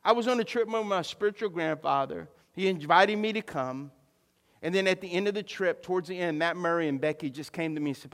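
A man's voice: a little high, a little fast, a bit bright. Middle-aged man preaching in a hall. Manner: storytelling, rising to fervent preaching. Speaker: pastor. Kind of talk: sermon. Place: church sanctuary. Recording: long hall reverb.

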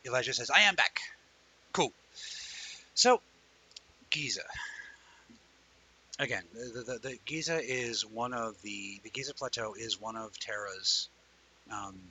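Guy hosting a live stream, super bright kinda husky voice, rambles and talks straight to his viewers. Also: medium pitch, a little slow, pauses often, low-quality recording. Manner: rambling, talks to viewers by name, animated storytelling. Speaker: host of a live online talk show. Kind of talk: casual livestream chat.

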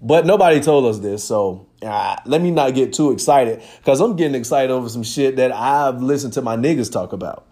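A man's voice: mid-range voice, fairly quick, hardly any pauses. A man hosting a podcast, talking in a casual, profane and emphatic monologue. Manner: animated, profane, emphatic storytelling. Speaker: podcast host.

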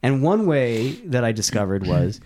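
A man's voice: mid-range voice, sing-song, normal speed, warm tone, a little hiss or hum. A young man hosting a podcast, telling a long profane anecdote in casual chat with quoted voices. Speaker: podcast host.

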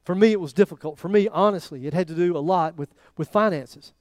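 A man preaches with a high, light voice, telling a personal story. His delivery rises to loud emphasis and drops almost to a murmur. The sound is dry and close. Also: fast talker, no room sound. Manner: animated storytelling, voice rising and dropping to near quiet. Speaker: pastor. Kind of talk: sermon.

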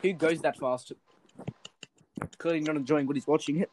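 A man's voice: on the high side, steady tone, moderate pace, background noise. A teenage boy co-hosting a rowdy podcast, crude and mocking, repeating himself to tease a friend. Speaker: podcast co-host. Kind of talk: rowdy casual chat.

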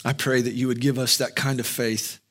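A male pastor giving an earnest sermon and closing prayer, with slow, emphatic pauses. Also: mid-range voice, level tone, fairly bright tone.

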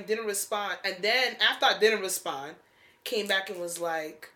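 Woman, blunt and cussing a lot, bright sharp voice, just chatting. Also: medium pitch, normal speed. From North Jersey, USA. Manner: blunt, profane storytelling. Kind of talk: casual chat.

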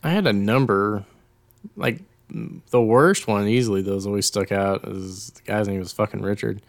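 A man co-hosting a podcast in casual, animated chat, laughing often and swearing. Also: on the low side, normal speed, dry recording. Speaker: podcast co-host.

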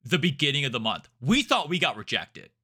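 A man's voice: mid-range voice, very animated, fairly quick, sharp tone, breathy edge. A man co-hosting a podcast in casual chat, explaining plans at length with plenty of fillers. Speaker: podcast co-host.

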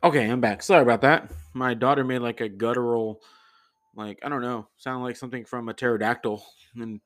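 Man, thirties, solo podcast host, rambling casual chat, smooth clear voice. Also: mid-range voice, fairly bright tone. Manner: rambling, loose and conversational, many fillers.

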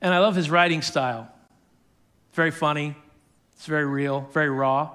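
High-voiced man preaching a sermon. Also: fairly even intonation, moderate pace, a bit bright. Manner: storytelling with acted quotes and chuckles. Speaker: pastor.

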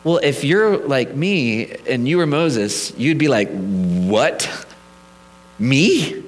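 A man's voice: fairly high pitch, lively intonation, a little slow. A male pastor preaching a sermon in a conversational, storytelling way, with humorous asides.

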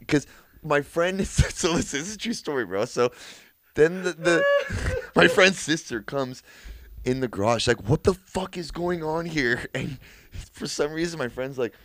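A man's voice: a little high, big pitch swings, normal speed, a bit bright, no room sound. A man in his twenties, a podcast co-host, telling a story casually among friends, laughing often and swearing, with lots of filler words.

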